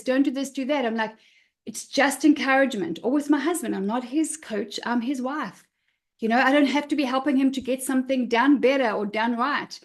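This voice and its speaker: Middle-aged woman, high voice, energetic motivational coach who leans hard on key words. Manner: expressive, emphatic, repeats key words. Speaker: confidence coach. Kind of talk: motivational talk to listeners.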